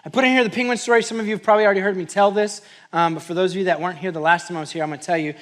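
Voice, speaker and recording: A man's voice: high-pitched, rapid-fire. A man giving a workshop talk as a mental performance coach and pastor, telling stories animatedly and acting out the voices in them. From New Mexico, US. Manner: animated storytelling with quoted voices. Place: church hall, live audience.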